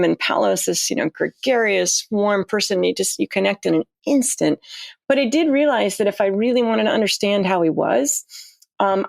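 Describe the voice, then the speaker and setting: Woman guest telling stories, lots of fry, dry close sound. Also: mid-range voice, dry recording. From United States. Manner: chatty, animated storyteller with frequent restarts. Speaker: astronaut guest. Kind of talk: casual conversation.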